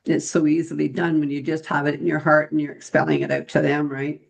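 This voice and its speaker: Man, podcast co-host, casual storytelling, gravelly fry, fairly high pitch. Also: fast talker, rough recording. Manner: relaxed storytelling with small restarts. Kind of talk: casual chat.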